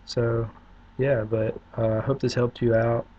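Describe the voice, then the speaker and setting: A young man from South Carolina with an Upstate South Carolina accent, talking in a relaxed, halting way with many pauses in a casual video reply. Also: mid-range voice, slight background noise. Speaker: vlogger. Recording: dull lo-fi webcam audio.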